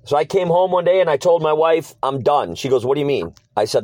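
A man's voice: fairly high pitch, lively intonation, a little fast, darkish tone, no echo. A middle-aged man telling his life story as an interview guest, earnest and casual, acting out old conversations and repeating short phrases.

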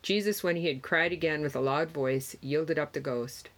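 A reader giving a Gospel passage in archaic wording, steady and measured with small stumbles. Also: mid-range voice. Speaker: scripture reader.

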